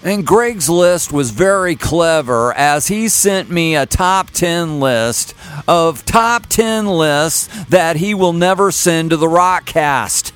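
A man hosting a rock music podcast, talking in a relaxed, wry way. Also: a little high, slow pace, smooth. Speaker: podcast host. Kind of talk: casual podcast talk.

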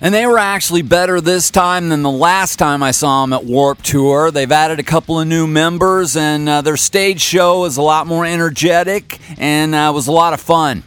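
A man's voice: on the high side, fairly even intonation, normal speed, hardly any pauses, fairly bright tone, clear, resonant tone, dry recording, faint music behind. A man in his fifties from Kansas City telling a casual, wry and folksy story as a podcast host. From Kansas City area, USA. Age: 50s. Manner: folksy, wry and self-mocking.

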